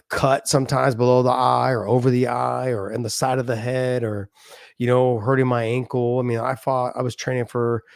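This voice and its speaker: A middle-aged former fighter, appearing as a podcast guest, explains his views earnestly in a casual interview, using everyday examples. His mid-range voice has a darkish tone, and the studio-quality recording has no echo.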